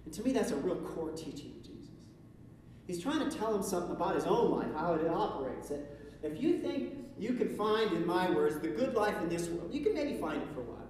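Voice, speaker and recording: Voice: mid-range voice, expressive, brisk, a little mellow, slight background noise. Echoey distant preacher in a hall. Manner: conversational, restarts often, asks rhetorical questions. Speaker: pastor. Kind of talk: sermon. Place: church sanctuary. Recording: echoey hall recording from far off.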